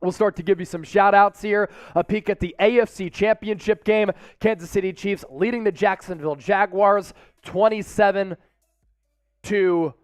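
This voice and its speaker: A young man hosting a live sports watch party stream from a studio, energetic and hyping up viewers with shout-outs. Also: high-pitched, moderate pace, clear, resonant tone, no echo, soft background music. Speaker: sports show host.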